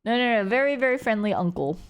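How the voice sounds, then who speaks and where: A woman's voice: on the high side, lively intonation, quick pace, clear, resonant tone. A young woman streamer in casual chat, talking loosely with many fillers and frequent laughter. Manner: chatty, giggly, full of "like" fillers. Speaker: livestreamer.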